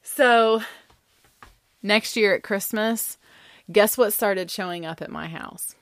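A woman telling a personal story in a casual, animated way, dropping into hushed asides. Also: mid-range voice, takes it slowly, no echo, clean studio sound. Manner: animated, dramatic, slips into voices and hushed whispers.

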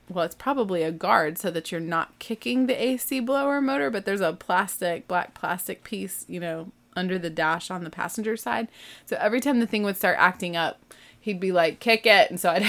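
A middle-aged woman casually telling a family road-trip story, acting out everyone's lines with lively, rising panic. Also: mid-range voice, creaky. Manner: animated, acts out family dialogue with rising panic.

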